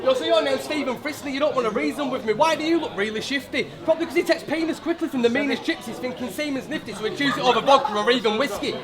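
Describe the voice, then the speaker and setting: A man's voice: very high-pitched, rapid-fire, hardly any pauses, a loud crowd. A man rapping aggressive, crude battle verses at a crowded bar event. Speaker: battle rapper. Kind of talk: rap battle verses over a loud crowd. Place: bar venue, indoors.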